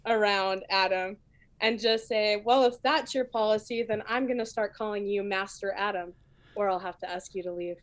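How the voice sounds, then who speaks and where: A woman's voice: mid-range voice, fairly even intonation, moderate pace. A woman playing a tabletop game, playfully describing her character's actions and laughing often. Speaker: player. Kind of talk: tabletop role-play narration of her character.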